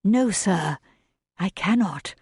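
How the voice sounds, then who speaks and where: Scared young governess begging to be believed, woman reading, higher pitched, dry close sound. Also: expressive, slow, darkish tone, husky, no echo, full character voice. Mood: pleading. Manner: pleading, distressed. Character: frightened earnest young governess.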